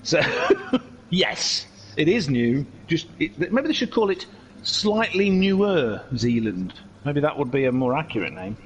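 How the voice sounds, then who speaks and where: A man's voice: fairly high pitch, very animated, a little slow, slight background noise, low-quality recording. Jokey, rambling man commentating. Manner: jokey, rambling, self-mocking asides. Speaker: race commentator. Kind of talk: casual race commentary over game footage.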